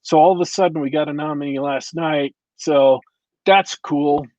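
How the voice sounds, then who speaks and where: A man's voice: a little high, fairly even intonation, normal speed, a little mellow, no echo, muffled recording. A man co-hosting a casual podcast chat, easygoing and musing as he talks. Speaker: podcast co-host.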